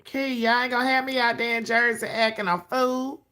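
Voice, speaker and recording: A woman's voice: on the high side, flat delivery, a little fast, sharp tone. Woman livestream host, sassy, profane, chatty. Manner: sassy, profane, greets viewers by name. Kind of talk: casual livestream chat.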